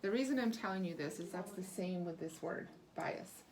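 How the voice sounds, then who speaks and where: A woman's voice: fairly low pitch, animated, normal speed, a little mellow, slight background noise. A woman reading teacher leading a small-group lesson, encouraging and lavish with praise, asking patient questions and explaining step by step.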